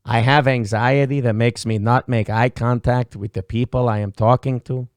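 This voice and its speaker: Crude anxious male dog voiced by a man, put-on Mexican accent, smooth dry voice. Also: medium pitch, steady tone, moderate pace, no echo, pitched below the performer's own voice, natural voice. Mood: awkward. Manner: shy, rambling, crude confessions.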